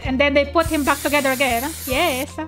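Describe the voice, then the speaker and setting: A woman giving an excitable video reaction commentary as a VTuber, laughing and exclaiming often. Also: sits high, brisk. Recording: video's music playing behind.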